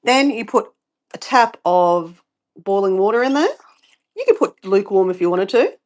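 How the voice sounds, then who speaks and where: A middle-aged Australian woman talks her way through a morning routine on a live stream. Her delivery is rambling and chatty, and she keeps drifting off topic to greet viewers and answer their comments. Her pitch sits right in the middle for a woman. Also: very animated, normal speed, darkish tone.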